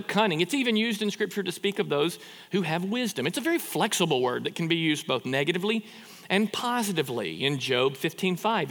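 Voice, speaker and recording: Brief: male pastor, sermon, lively up-and-down delivery, reverberant hall. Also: a little high. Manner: animated, conversational preaching with rhetorical questions and repeated restarts.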